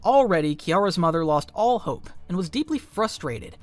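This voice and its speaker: A man's voice: high voice, animated, moderate pace, a little mellow. A man reading a scripted documentary narration in a dramatic, emphatic way. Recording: faint music underneath.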